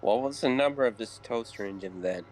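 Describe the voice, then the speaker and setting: A man's voice: mid-range voice, brisk, a little mellow, lightly acted. A man voicing a grumpy, dismissive male train engine. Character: grumpy young adult male engine, Ted.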